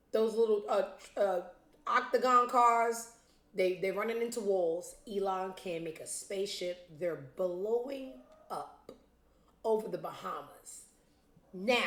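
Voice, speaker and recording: A woman's voice: medium pitch, a bit bright, reverberant. A woman hosting a casual commentary show, blunt, profane and sarcastic, talking straight to her viewers. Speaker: show host.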